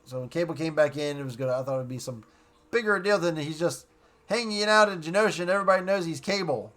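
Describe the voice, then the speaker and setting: Casting: man, slightly higher voice, loose rambling reviewer, gets excited retelling scenes. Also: quick pace. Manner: rambling, excited, quotes characters in passing. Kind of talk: casual recap and review.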